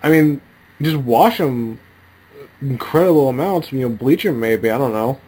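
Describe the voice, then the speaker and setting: A man co-hosting a podcast, asking questions in a halting way with many fillers. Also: medium pitch, expressive, a little mellow, slightly rough, rough recording. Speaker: podcast co-host. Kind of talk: casual chat.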